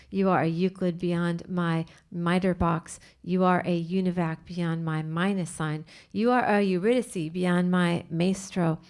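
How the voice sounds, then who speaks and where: Slow, crisp-voiced woman reading a poem. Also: fairly low pitch, darkish tone. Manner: slow, measured, careful reading. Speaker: poem reader. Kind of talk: poetry reading.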